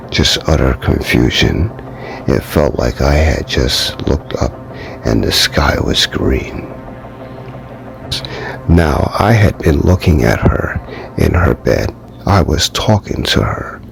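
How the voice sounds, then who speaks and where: A man narrating an eerie first-person story in a calm, measured way. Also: very deep voice, gravelly. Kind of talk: slow scripted narration of an eerie true story. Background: music bed.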